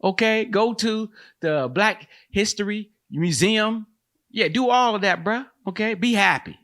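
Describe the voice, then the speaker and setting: A man with a high, slightly bright voice speaks at a measured pace, hosting a solo comedy commentary. He's a host and comedian who keeps things loose and slangy, calls listeners "man" and "bro," and laughs at his own jokes.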